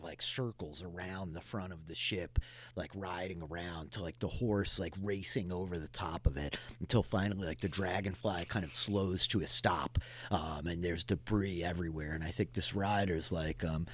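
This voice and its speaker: Rambling man as game master. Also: low voice. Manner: rambling, many "like" fillers. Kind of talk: narrating a tabletop game.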